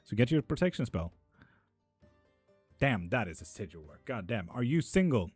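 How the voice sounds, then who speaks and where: A man's voice: mid-range voice, big pitch swings, normal speed, a little mellow, breathy edge, no room sound, soft background music. A young man hosting a casual live stream from home, reading chat aloud and bantering with loose, foul-mouthed humor. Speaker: streamer giving tarot readings.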